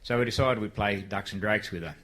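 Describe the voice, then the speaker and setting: Older Aussie storyteller, bright-voiced, relaxed folksy delivery on stage. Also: male voice, fairly low pitch, fairly quick. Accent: Australian. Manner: folksy, shifts into a frantic shouted race call. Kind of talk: live storytelling to an audience. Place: live venue before an audience.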